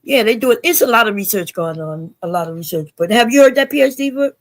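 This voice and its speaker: A woman hosting a casual livestream chat, frank and argumentative, warm in her goodbyes. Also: fairly high pitch, animated, fast talker, no echo. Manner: frank, argumentative, affectionate sign-offs. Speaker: livestream host.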